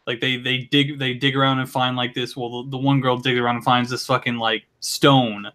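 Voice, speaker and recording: A man on a podcast rambling through an anime recap, swearing often and clearing his throat. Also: mid-range voice, flat delivery, a little fast, bright, forceful tone. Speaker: podcast co-host. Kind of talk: casual chat.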